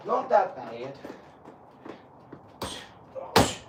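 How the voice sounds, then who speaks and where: A man's voice: a little high, normal speed. Rambling man in an echoey room. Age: 40s. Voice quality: animated, rambling, swears freely. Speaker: live-stream host. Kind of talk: casual chat during a boxing workout. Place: home workout room. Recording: echoey room, distant mic, loud noise.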